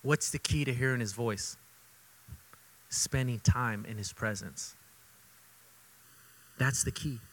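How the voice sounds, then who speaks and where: A man preaching a sermon as pastor, conversational and repetitive for emphasis, moving between loud emphatic bursts and quiet intimate asides. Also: mid-range voice, slow pace, long pauses, poor audio. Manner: conversational, repeats himself for emphasis.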